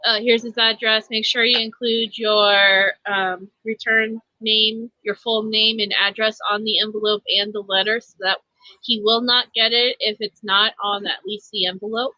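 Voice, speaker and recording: A woman's voice: mid-range voice, level tone, normal speed, no echo, muffled recording. A woman hosting a live stream, chatting casually with plenty of fillers. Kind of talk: casual chat.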